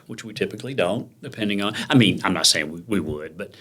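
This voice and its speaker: A man with a fairly low voice hosts a relaxed interview. He laughs along with his guest and shares his own stories in an easy, chatty way. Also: quick pace, breathy edge. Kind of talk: casual interview chat.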